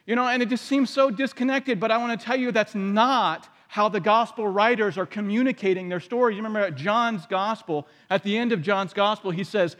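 Speaking brisk and with hardly any pauses, this pastor's high, somewhat bright voice fills a large room. He preaches in a conversational way and keeps asking the audience questions.

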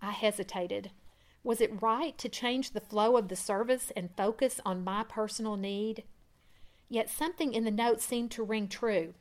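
A woman reading a first-person testimony aloud in an earnest way, growing louder at dramatic moments. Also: a little high, fairly even intonation, normal speed. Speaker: reader.

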